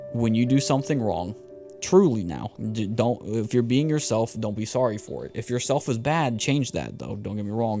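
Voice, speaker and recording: Young male podcast host, mellow dark tone, slangy pep talk, soft music under it. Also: mid-range voice. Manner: animated, slangy, repeats words. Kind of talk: casual motivational talk.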